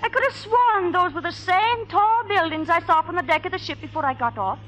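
An actress playing a trusting young Irish maid fresh off the boat, speaking with an Irish accent in gentle, earnest 1940s radio acting. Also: female voice, very high-pitched, a little fast, faint music behind, poor audio. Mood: chatty.

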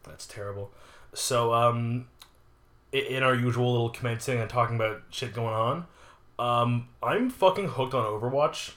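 A man's voice: mid-range voice, normal speed, a bit bright, echoey room. A man co-hosting a casual podcast, playful and jokey, trailing off with fillers as he talks. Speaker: podcast co-host. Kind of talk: casual chat.

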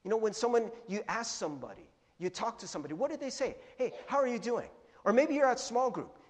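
A man's voice: high-pitched, fast talker. A young adult man preaching a sermon as pastor, casual and joking, acting out little voices. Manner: animated, joking, acts out voices. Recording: long hall reverb.

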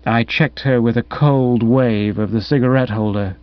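A man narrating a comic first-person story in a wry, animated storytelling manner. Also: medium pitch, moderate pace, no echo. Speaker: audiobook narrator. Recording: dull, dry recording.

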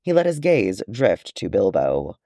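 Deep-voiced man reading a story aloud. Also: measured pace, no echo, studio quality. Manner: expressive storytelling with lively pitch. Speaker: audiobook reader. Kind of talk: fan fiction audiobook narration.

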